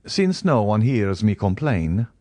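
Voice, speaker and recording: A man's voice: on the low side, sing-song, takes it slowly, dark tone, no room sound, clean studio sound. A man reading a reserved nobleman who answers with cool, formal politeness. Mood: guarded. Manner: formal, restrained. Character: reserved, guarded nobleman count, coolly polite.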